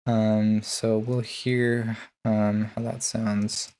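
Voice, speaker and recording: A man talking through his bass mixing chain in a casual tutorial, laid-back and full of ums and uhs. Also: flat delivery, drawn-out words, a little mellow, faint music behind. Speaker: music producer.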